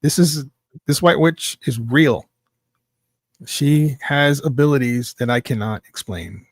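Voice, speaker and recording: Animated man telling a story, dry mic. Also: medium pitch, takes it slowly, no room sound. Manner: animated, emphatic, swears freely. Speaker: podcast guest. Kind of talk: casual storytelling.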